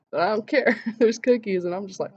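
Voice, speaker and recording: A young woman vlogger telling an animated story and acting out the quotes in voices. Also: mid-range voice, brisk, slightly rough. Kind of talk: casual storytelling vlog. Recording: dull lo-fi sound.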